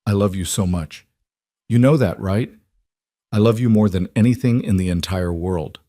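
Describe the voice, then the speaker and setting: A man's voice: fairly low pitch, normal speed, mellow, no room sound, clean studio sound, close to an everyday voice. A man voicing an emotional single father in a narrated story, earnest and pleading.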